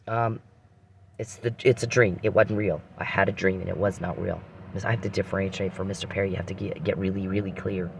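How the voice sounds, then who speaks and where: A man's voice: lowish voice, background noise. A man hosting a podcast, telling a rambling personal story with frequent restarts and religious reflection.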